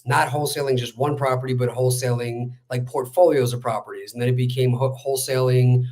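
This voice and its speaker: A man's voice: medium pitch, steady tone, a little mellow. A man telling a story as a guest in a casual interview, chatty and full of fillers. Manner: rapid, chatty, with many fillers. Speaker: real estate wholesaler, guest.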